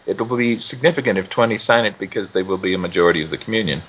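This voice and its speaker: A man explaining church news in a measured, explanatory way. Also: lowish voice, pushed and bright, a little hiss or hum, poor audio. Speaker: news commentator. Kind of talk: news analysis.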